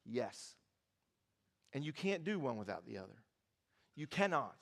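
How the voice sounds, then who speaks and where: A male pastor preaching a sermon in a church, lively and joking, repeating phrases for emphasis. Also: mid-range voice, measured pace, creaky. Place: large church auditorium. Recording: reverberant church hall.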